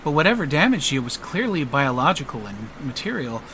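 A man voicing a bubbly, cheerful woman doctor who talks in a high, eager voice. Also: big pitch swings, brisk, sharp tone, a little hiss or hum. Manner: chirpy and eager, high-pitched.

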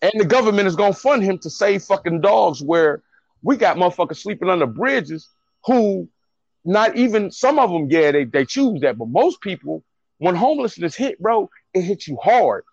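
A man with a somewhat high voice, speaking in an emphatic, preachy way and swearing freely. He makes his points forcefully in a relaxed podcast conversation. The sound is dry and a little dull, like a lo-fi recording. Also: moderate pace, creaky, slightly rough, dry recording. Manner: preachy, emphatic, profane rant. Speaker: podcast co-host. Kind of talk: casual podcast chat.

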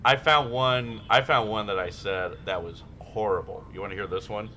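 A man's voice: on the low side, moderate pace, sharp tone, highs cut off, a little hiss or hum. A man co-hosting a podcast, telling profane, rambling stories in casual chat. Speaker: podcast co-host.

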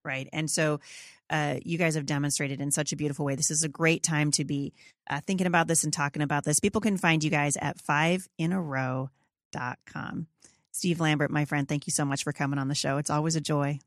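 A middle-aged woman with a fairly low voice, hosting a podcast. She talks in a chatty, earnest and encouraging way. The sound is dry and close to the mic. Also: steady tone, brisk, dry recording. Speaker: podcast host. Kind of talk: conversational podcast interview.

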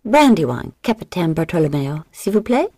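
A woman voicing a flirtatious tavern woman with a French accent, teasing and dropping into breathy whispers. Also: low-pitched, big pitch swings, normal speed, dark tone, no echo. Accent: French-flavored English. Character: flirtatious sultry tavern woman, sailor's wife.

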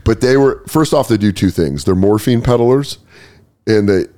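A man's voice: on the low side, normal speed. A man hosting a podcast, chatting casually and joking with a guest. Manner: animated, jokey, breaks into silly voices and laughs. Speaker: podcast host, comedian. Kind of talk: casual comedic chat.

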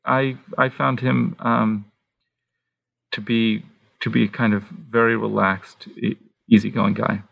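A man, an author, answering interview questions in a thoughtful, halting way, pausing and restarting as he thinks aloud. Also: fairly low pitch, flat delivery, vocal fry, a bit bright, no echo.

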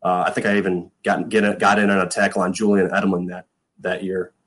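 Deep-voiced man telling stories. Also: flat delivery, quick pace, fairly bright tone, poor audio. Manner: rambling, many fillers, acts out quotes. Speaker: guest, former pro football punter. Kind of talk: casual storytelling interview.

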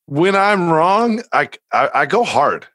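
A man co-hosting a podcast in casual chat, animated, sarcastic and rambling. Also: a little high, slow, no echo. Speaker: podcast co-host.

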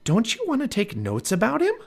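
A man voicing an eager, curious, fearless young girl in a storybook reading, with a high and bubbly delivery. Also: huge pitch swings, a little fast, gravelly, full character voice. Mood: cheerful.

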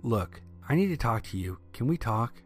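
A man's voice: medium pitch, very animated, normal speed, breathy edge, faint music behind. A man reading the lines of a pushy, creepy male landlord, insistent and irritable, in a storytelling narration.

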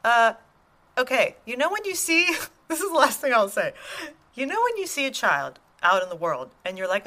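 Lively high-voiced woman podcaster. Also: moderate pace. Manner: giggly, animated, earnest. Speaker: podcast co-host. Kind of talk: casual podcast chat.

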